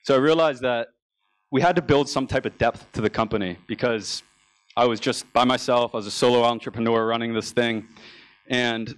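On a conference stage, a young American conference speaker shares his story in a relaxed business talk, frequently starting over mid-thought. His voice is mid-range and there's no echo.

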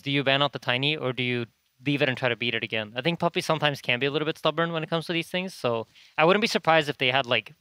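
Fast-talking man with crisp analysis. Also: mid-range voice, sharp tone, dry recording, rough recording. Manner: brisk, methodical reasoning. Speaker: esports analyst. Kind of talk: casual panel analysis.

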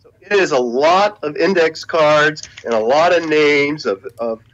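A man's voice: a little high, a little slow, a bit bright, muffled recording. Older man telling rambling stories. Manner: rambling anecdotes, frequent repeated words and restarts. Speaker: guest, former video game executive. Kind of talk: relaxed interview storytelling.

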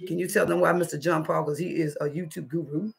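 A man's voice: on the high side, steady tone, fast talker, gravelly, reverberant, distant mic, rough recording. A man chatting loosely to his viewers while cooking in his home kitchen. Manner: loose, chatty, talks straight to viewers with lots of "y'all". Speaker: cooking vlogger. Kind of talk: casual cooking vlog chat.

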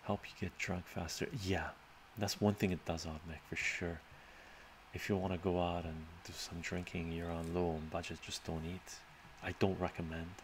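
Male streamer, very low voice with heavy fry, slow thoughtful rambler, faint hiss behind. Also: little pitch movement. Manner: thoughtful, rambling, with sighs and fillers. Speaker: live-stream host answering chat. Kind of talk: casual live-stream chat.

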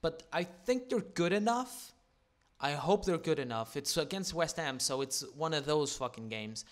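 A young man casually commentating a football video game, swearing a lot and getting loud at big moments. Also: fairly high pitch, normal speed. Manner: excitable, swears constantly, shouts at big moments. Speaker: gaming commentator.

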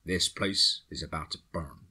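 Man playing stern blunt squad leader, deep forceful voice. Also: fairly even intonation, unhurried, breathy edge, heavily acted.

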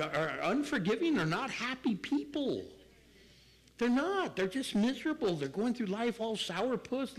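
An older man preaching as pastor, animated and acting out people in quick asides. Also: sits high, poor audio. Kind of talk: sermon.

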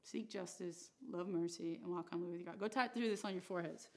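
A woman's voice: fairly low pitch, fast. A woman teaching a Bible study class in a casual, joking way, with asides to the room. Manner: chatty and joking, with asides to the audience.

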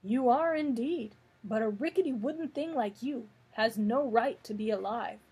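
A woman's voice: fairly high pitch, normal speed, warm tone, husky, low-quality recording. A woman voicing a boastful, haughty old male cab horse in a storybook read-aloud. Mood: indignant. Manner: haughty, demanding.

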